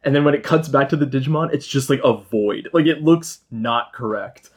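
A man's voice: medium pitch, normal speed. A young man hosting a podcast, retelling a film plot in casual chat, swearing and laughing often. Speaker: podcast host.

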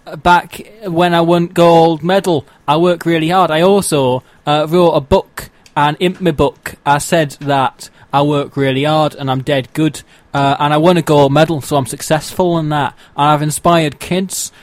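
A man's voice: fairly high pitch, steady tone, moderate pace, few pauses, no echo, lightly acted. A man doing an improvised impression of a boastful female athlete with a put-on thick Sheffield accent, rambling and hesitant. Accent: Sheffield, Northern English (put on). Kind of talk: improv comedy.

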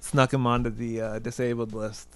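A man's voice: medium pitch, little pitch movement, normal speed, a bit bright, clean tone, dry recording. A man co-hosting a casual sports podcast, chatty and joking, laughing often. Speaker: podcast co-host.

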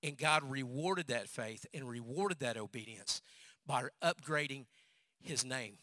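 A male pastor preaching a sermon as an animated storyteller who repeats phrases for emphasis. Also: medium pitch, measured pace, dry recording.

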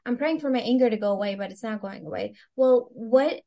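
A woman's voice: fairly high pitch, a little fast, gravelly, dark tone, lo-fi sound. A woman who works as a Christian stress coach, talking casually as a podcast guest, full of "like" fillers and thinking aloud. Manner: chatty, many "like" fillers, reflective. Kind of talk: casual interview chat.

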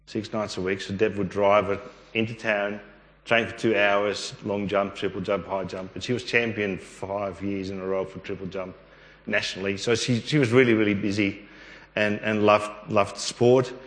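A man's voice: on the low side, level tone, moderate pace, a bit bright. An older man giving a rambling testimony in a church hall, acting out the dialogue he recalls. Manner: rambling, acts out quoted dialogue. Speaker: church member sharing testimony. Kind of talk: storytelling testimony. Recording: echoey hall.

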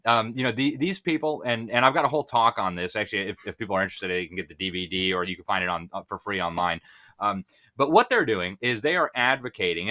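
A man giving impassioned interview commentary with the force of a preacher. His voice is bright and sharp, and he presses hard on his points. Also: lowish voice. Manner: fervent, preacher-like emphasis. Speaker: guest.

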